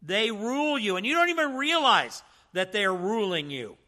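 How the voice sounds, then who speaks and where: A man's voice: high-pitched, big pitch swings, normal speed, pushed and bright. A man teaching a church seminar in a preaching style, emphatic and full of rhetorical questions.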